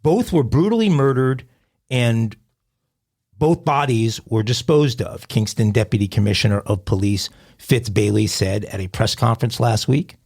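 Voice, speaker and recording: Gravelly man reading crime news. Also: medium pitch, moderate pace, a little mellow. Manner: jokey, ad-libs asides while reading. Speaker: podcast co-host.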